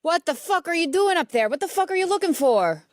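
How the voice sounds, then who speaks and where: A woman's voice: very high voice, sing-song, fairly quick, no echo, studio quality, pitched above the performer's own voice. A woman playing a tough male New York cop who swears and cracks wise. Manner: gruff swearing, wisecracks.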